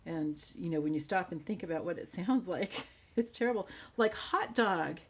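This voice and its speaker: A woman hosting a casual crafting tutorial, chatting and thinking aloud as she works, often dropping to quiet mutters. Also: on the low side, animated, normal speed, breathy edge.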